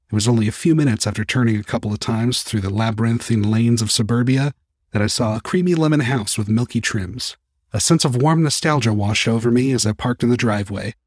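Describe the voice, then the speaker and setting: A man narrating a first-person story as an audiobook reader, calm and even. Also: medium pitch, no room sound, clean studio sound.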